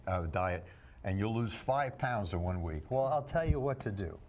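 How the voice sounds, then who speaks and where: Man, lowish voice, wisecracking storyteller, talk-show guest, faint hiss behind. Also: expressive, normal speed. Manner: wisecracking, tells anecdotes with voiced quotes. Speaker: bodybuilder and entertainer guest.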